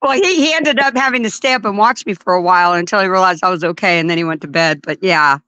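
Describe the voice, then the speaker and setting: A woman telling a personal story in casual chat, animated and laughing as she acts out her own panic. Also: lowish voice, fast, smooth, no room sound.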